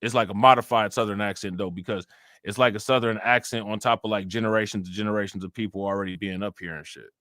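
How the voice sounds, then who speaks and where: A man's voice: fairly low pitch, fairly even intonation, quick pace, a bit bright, dry recording, studio quality. A young man hosting a live stream, chatting in a loose, rambling and profane way while answering his chat. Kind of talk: casual live-stream commentary.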